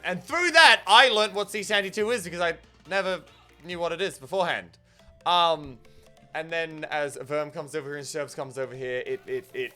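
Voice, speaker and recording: A man's voice: fairly high pitch, bright, forceful tone. A young man hosting a casual stream chat, reading viewer messages aloud, rambling with many fillers and frequent giggles. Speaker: streamer host.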